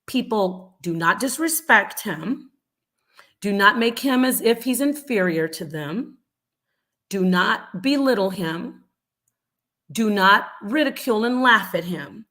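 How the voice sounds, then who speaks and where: A middle-aged woman, a mother, hosting a live stream and answering chat comments with animated, repetitive explanations. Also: mid-range voice, takes it slowly. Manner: animated, acts out quoted voices, repeats points.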